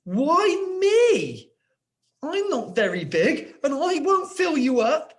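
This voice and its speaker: A man's voice: huge pitch swings, slow, heavily acted. A male teacher voicing a frightened little pig who pleads not to be eaten. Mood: scared. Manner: high, quivering, pleading. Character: scared little pig named Percy.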